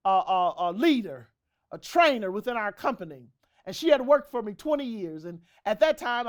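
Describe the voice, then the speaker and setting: A woman host giving a motivational business talk, emphatic, with preacher-like repetition. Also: sits high.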